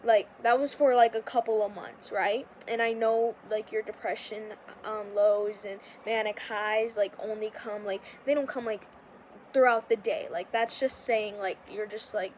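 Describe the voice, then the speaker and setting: A woman's voice: mid-range voice, steady tone, a little slow, slight background noise. A young woman hosting a podcast, talking casually and rambling with lots of filler words and restarts. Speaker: podcast host. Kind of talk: casual confessional monologue.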